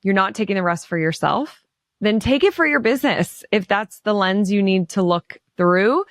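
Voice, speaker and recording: A woman's voice: medium pitch, lively intonation, moderate pace, no room sound, clean studio sound. Chatty woman podcast host. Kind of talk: podcast interview.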